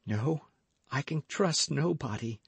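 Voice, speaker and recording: Guy reading a scared young french lady, high pleading voice, dry close sound. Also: lively intonation, takes it slowly, vocal fry, breathy edge, dry recording, exaggerated voice. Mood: anxious.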